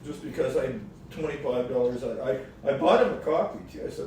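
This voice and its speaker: Rambling, animated man in an echoey room. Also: medium pitch, brisk. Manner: rambling, animated, swings between loud and soft. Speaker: guitar player giving advice. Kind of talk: casual storytelling chat. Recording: very echoey room, distant mic, faint noise.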